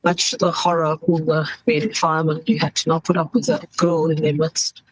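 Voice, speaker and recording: A woman's voice: sits low, flat delivery, fairly quick, husky, dry recording, poor audio. A woman in her fifties, an emergency doctor, speaking frankly in an interview and acting out what people say. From South Africa. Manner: frank, acts out quoted voices. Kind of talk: candid interview talk.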